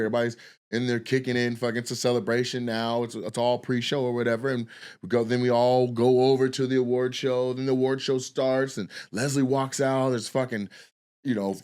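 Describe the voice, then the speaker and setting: A man's voice: medium pitch, a little mellow, smooth. A man, a stand-up comedian hosting a podcast, telling a long story in a rambling, profane, casual way. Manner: rambling, profane, restarts a lot.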